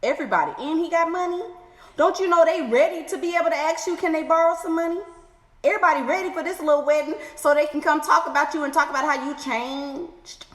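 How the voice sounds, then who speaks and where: A woman's voice: high-pitched, fairly bright tone. Sassy woman in an echoey room. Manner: sassy, exclaiming, playful drawn-out asides. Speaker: advice vlogger reading letters. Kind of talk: animated advice commentary. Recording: echoey room with long reverb.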